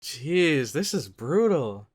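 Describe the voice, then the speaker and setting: Reaction host, live anime commentary, gasping and exclaiming, swinging pitch, unhurried delivery. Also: breathy edge. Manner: excitable, gasping, exclamatory outbursts.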